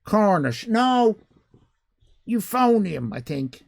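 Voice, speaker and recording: A woman's voice: medium pitch, sing-song, takes it slowly, creaky, a little mellow, dry recording. An Irish woman hosting a live stream, chatting casually with viewers in cheeky, rambling banter and frequent swearing. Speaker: livestream host.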